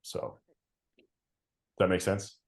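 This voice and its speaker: A man narrating as game master, relaxed and laughing often. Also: extremely slow.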